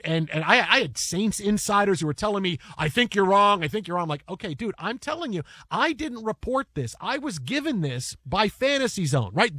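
A man telling a story in casual chat, animated and quick, often restarting his sentences. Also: high-pitched, no echo, clean studio sound. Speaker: podcast host and broadcaster.

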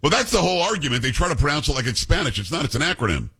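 A man's voice: fairly high pitch, big pitch swings, racing, pushed and bright, slightly rough. A man hosting a radio talk show, telling stories bluntly and animatedly, mimicking other people's voices. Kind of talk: casual talk radio banter.

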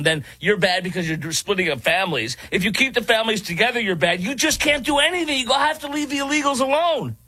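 Husky sarcastic male commentator. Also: high-pitched, sharp tone, dry recording. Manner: mocking, mimics others in exaggerated voices. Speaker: commentator reacting to clips.

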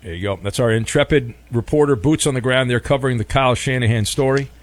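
A man's voice: medium pitch, fast talker, no echo. A man hosting a sports talk radio show, chatty and wry, reading listener messages and taking calls. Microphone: studio microphone.

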